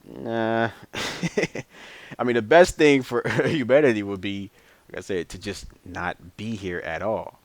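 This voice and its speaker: A man's voice: fairly low pitch, slow pace, dry recording. A man talking to camera in a casual, rambling monologue, blunt and profane, chuckling between his points. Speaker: vlogger.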